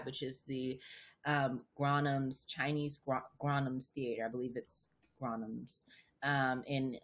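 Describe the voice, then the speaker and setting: A woman actor as a podcast guest, telling stories in a casual, animated way, often stammering and repeating words. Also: a bass voice. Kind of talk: casual interview chat. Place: podcast recording.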